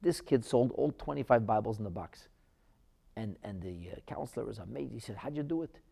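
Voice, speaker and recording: A man teaching a Torah class as a rabbi, swinging dramatically between loud outbursts and hushed asides. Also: fairly low pitch, lively intonation, fairly quick, gravelly, breathy edge.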